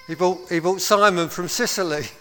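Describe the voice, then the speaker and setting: A man's voice: sits high, bright, forceful tone, a little hiss or hum. A man preaching a sermon as pastor, with impassioned appeals and short laughs between his points. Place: church hall. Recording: long hall reverb.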